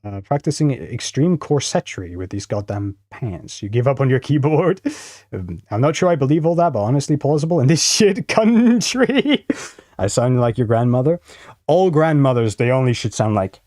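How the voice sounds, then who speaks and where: Guy rambling on stream, swears a lot, mid pitch, dead dry mic. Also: very animated, moderate pace, a little mellow, no room sound. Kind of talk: casual reaction-stream commentary.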